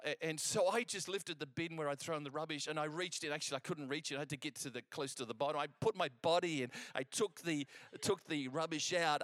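Animated male preacher, dry sound. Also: fairly high pitch, no echo. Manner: animated storytelling, acting out quoted exchanges; conversational, with frequent restarts. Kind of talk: sermon with personal story.

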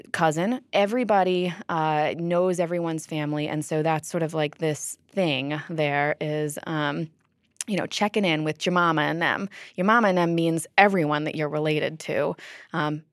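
A woman's voice: low voice, dry recording, clean studio sound. A woman, a linguist, explaining her research in an interview, thoughtful and full of ums and uhs.

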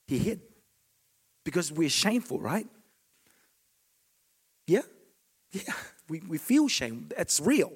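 A man preaches with real fervor, climbing to ringing declarations and then sinking to near-whispered asides. His voice sits high and swoops widely in pitch throughout. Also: sing-song, slow pace, long pauses, slightly rough. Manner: passionate, swinging from loud declarations to hushed asides. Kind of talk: sermon.

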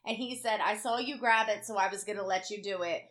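A woman co-hosting a podcast in casual chat, telling tired, swear-filled stories in an animated way. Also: medium pitch, brisk. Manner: swears freely, animated storytelling. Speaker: podcast co-host.

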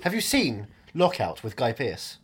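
Lively, theatrical joking man. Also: mid-range voice, measured pace, husky. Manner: playful, theatrical, swings between loud and hushed. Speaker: podcast co-host playing a fake guest. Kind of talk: improvised comedy banter.

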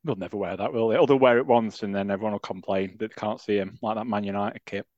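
A man's voice: on the low side, fairly even intonation, quick pace, a little mellow, no room sound. A man co-hosting a casual football podcast, teasing and dry in his remarks. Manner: wry, teasing, dry understatement. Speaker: podcast co-host. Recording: dull lo-fi dry mic.

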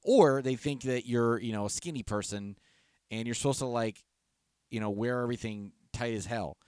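A man's voice: medium pitch, normal speed, darkish tone, clear, resonant tone, dry recording, clean studio sound. A man co-hosting a casual comedy podcast, telling long rambling stories with restarts and laughs. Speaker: podcast co-host. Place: podcast studio.

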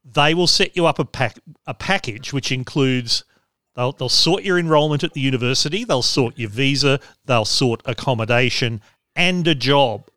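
A man's voice: medium pitch, moderate pace, bright, forceful tone, no room sound, clean studio sound. A man hosting a podcast, explaining things in casual chat with wry asides. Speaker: podcast host.

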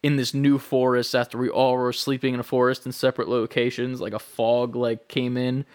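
A man's voice: mid-range voice, level tone, brisk, a little mellow, clean tone, no echo. Young male podcast co-host, rambling, filler-heavy, dry sound. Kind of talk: casual chat.

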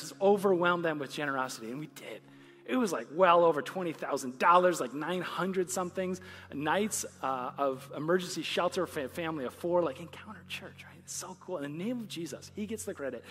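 Fairly high-pitched and a bit bright, this pastor talks fairly quickly through a conversational sermon on a church stage, with slight background noise present. He laughs frequently in front of the live audience and builds to strong points.

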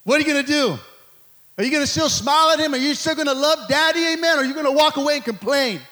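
A man preaching with a very high, sharp, bright voice. His delivery is fervent, with frequent calls of amen and repeated stammering restarts. He is addressing a church congregation. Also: quick pace. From Mexico. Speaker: pastor. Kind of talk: sermon.

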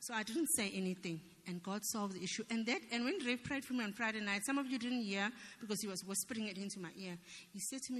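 A woman's voice: mid-range voice, fast, a bit bright. A woman in church giving an earnest, emphatic personal testimony. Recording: long reverb of a church hall.

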